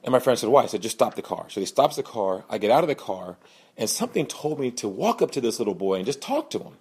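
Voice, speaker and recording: A young man hosting a podcast, telling a personal story in an earnest, animated way and voicing the people in it. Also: fast, slightly rough. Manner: earnest, animated, acts out quoted voices with raised pitch. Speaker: podcast host, sales speaker.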